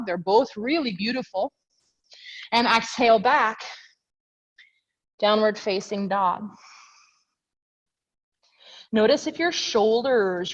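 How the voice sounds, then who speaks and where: A woman's voice: fairly high pitch, dull audio. Chatty breathless woman teaching yoga. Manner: chatty, self-correcting, out of breath while demonstrating. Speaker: yoga instructor. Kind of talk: guided yoga class cues. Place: home, over a video call. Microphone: video call mic.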